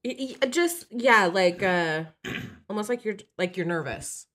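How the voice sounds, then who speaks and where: A woman's voice: medium pitch, lively intonation, a little slow, fairly bright tone. A woman hosting a casual true crime podcast, cracking jokes and laughing often. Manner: joking, laughs often, playful asides. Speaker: podcast host.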